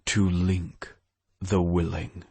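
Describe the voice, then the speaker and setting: A male narrator voicing a calm, wise ancient vampire who speaks slowly and gravely. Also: low-pitched, dry recording, exaggerated voice. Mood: solemn. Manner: slow, grave, measured.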